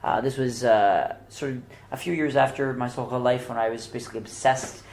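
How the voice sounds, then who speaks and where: A man's voice: mid-range voice, steady tone, a little fast, a little mellow. A man co-hosting a podcast about films, talking in a rambling, hesitant casual chat, often laughing at his own jokes. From North America. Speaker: podcast co-host.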